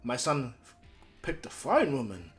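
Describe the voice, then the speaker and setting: A man voicing a gruff warrior father who talks in a teasing, loud way. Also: mid-range voice, wildly swooping pitch, a little slow, soft background music.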